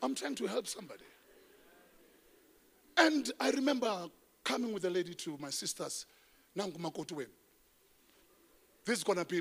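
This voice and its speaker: A South African man preaching a sermon in church, telling stories with animation, swinging between loud calls and hushed asides. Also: high voice, animated, normal speed, creaky, pauses often, husky. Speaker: pastor.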